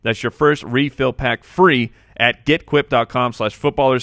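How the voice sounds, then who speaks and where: A man's voice: medium pitch, fairly even intonation, normal speed, few pauses, a bit bright. A man co-hosting a sports podcast, playful and hamming up his announcements and ad reads. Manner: playful, hams up announcements and ads. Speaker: podcast co-host. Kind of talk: casual podcast chat and sponsor read.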